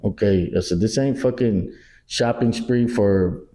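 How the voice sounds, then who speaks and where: A middle-aged Texan man co-hosting a podcast, telling animated stories in casual chat, acting out quotes and swearing freely. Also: fairly low pitch, unhurried. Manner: animated storyteller, acts out quotes, swears a lot. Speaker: podcast co-host.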